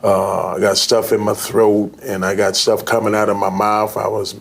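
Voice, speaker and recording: A man, a pastor, telling in an interview how he came out of a coma, halting and repeating words earnestly. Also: fairly low pitch, little pitch movement, creaky, a little hiss or hum. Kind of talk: interview guest recounting illness. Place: TV studio.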